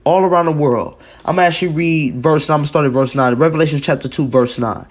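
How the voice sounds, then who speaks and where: A man's voice: on the high side, fairly quick. A man giving an emphatic, repetitive preaching commentary on video, reading scripture and news aloud and often adding "man".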